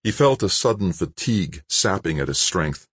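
A man narrating a thriller audiobook in a steady, measured voice. His tone sits very low with a husky grain. The recording is dry, with no room sound. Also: dry recording.

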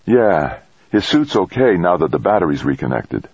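A man voicing a steady, practical male astronaut who talks in short, terse phrases. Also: low-pitched, normal speed, vocal fry, husky, no room sound, dull audio, pitched above the performer's own voice, heavily acted.

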